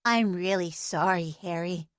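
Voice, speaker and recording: A woman's voice: lowish voice, measured pace, dry recording, clean studio sound, pitched below the performer's own voice, lightly acted. A woman voicing a small, teary female pixie who is blunt, sarcastic and swears. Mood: subdued.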